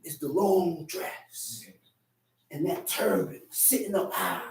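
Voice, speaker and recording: High-voiced man teaching in an echoey room. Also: sing-song, slow pace, vocal fry. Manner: emphatic, with sudden shouted bursts; streetwise, conversational. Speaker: religious teacher. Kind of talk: Sabbath teaching to a small group. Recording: echoey room, distant mic.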